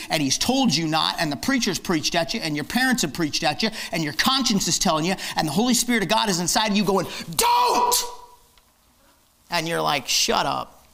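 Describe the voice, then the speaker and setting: Male pastor, gravelly voice, fiery emphatic sermon, repeats his points, church setting. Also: high voice, a bit bright. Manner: fiery, emphatic, repetitive preaching.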